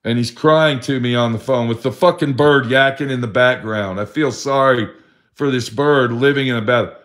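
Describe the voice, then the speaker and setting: A man's voice: mid-range voice, normal speed, fairly bright tone. A middle-aged man telling a sad personal story in a rambling, profane way. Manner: profane, rambling, acts out his friend's voice in quotes. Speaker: vlogger telling a story about a friend.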